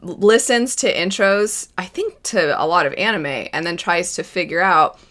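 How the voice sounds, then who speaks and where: A young adult woman giving casual, enthusiastic first-impressions commentary on an anime, chatty and quick to laugh. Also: lowish voice, fairly bright tone. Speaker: anime reaction vlogger.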